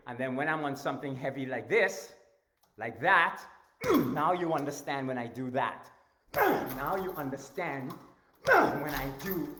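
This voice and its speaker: A man teaching martial arts strikes in a live-stream rant, emphatic and animated, shouting out strike sounds and often clearing his throat. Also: a little high. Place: home training garage in the backyard.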